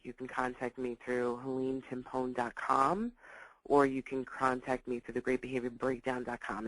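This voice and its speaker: A woman educator giving a recorded teaching talk to parents, repeating key points and acting out dialogues in lively voices. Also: extremely low pitch, dry recording, low-quality recording.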